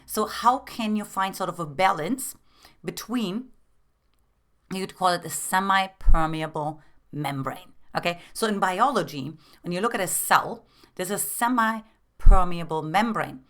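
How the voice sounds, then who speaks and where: A woman's voice: lowish voice, measured pace, a bit bright. A middle-aged woman from East Germany, coaching women on relationships in an earnest, intimate way and calling the listener "girlfriend".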